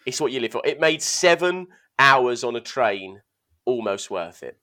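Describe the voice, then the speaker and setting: A young man co-hosting a casual podcast chat, telling animated, self-mocking stories and stumbling over his words. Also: mid-range voice, moderate pace. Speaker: podcast co-host.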